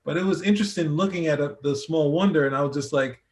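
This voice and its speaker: A man's voice: fairly high pitch, quick pace. A man co-hosting a casual review chat, rambling with many restarts as he thinks aloud. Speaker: podcast co-host.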